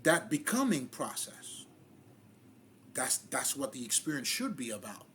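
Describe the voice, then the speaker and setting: A man's voice: mid-range voice, big pitch swings, unhurried, a bit bright, a little hiss or hum. A man giving a loose, casual spiritual monologue in street slang, swearing freely and often laughing at himself. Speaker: spiritual vlogger.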